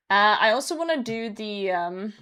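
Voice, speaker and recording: A woman's voice: medium pitch, bright, forceful tone, clean tone. A young woman streamer chatting casually with her chat while gaming, laughing often and swearing now and then. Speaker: live streamer.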